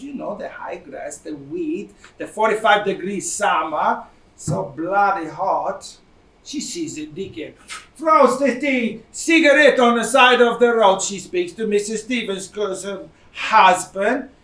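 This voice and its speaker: An actor playing a proud older Italian immigrant man on stage, speaking animated broken English with an Italian accent. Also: high voice, gravelly, full character voice. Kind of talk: stage play acting. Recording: echoey theatre stage from far off.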